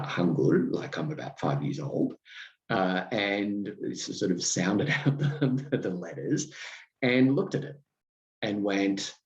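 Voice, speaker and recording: A man hosting a podcast, telling wry, self-deprecating stories in a halting way with many ums and restarts. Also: lowish voice, darkish tone, muffled recording. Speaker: podcast host. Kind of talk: reflective podcast monologue.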